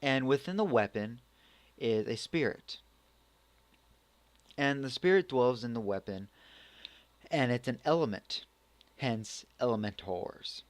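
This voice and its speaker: Male amateur reviewer, unhurried, loose and rambling delivery. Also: mid-range voice, animated, dry recording. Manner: rambling, full of restarts and acted reactions. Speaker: anime reviewer. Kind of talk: casual spoken review.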